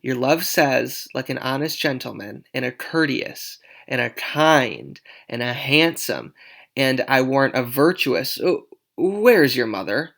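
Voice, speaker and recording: A man's voice: mid-range voice, animated, a little slow, gravelly, a bit bright. A man voicing an old nurse who grumbles about her aches and teases as she stalls. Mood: grumbling. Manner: grumbling, teasing, dragging things out. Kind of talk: dramatic read-aloud of a play.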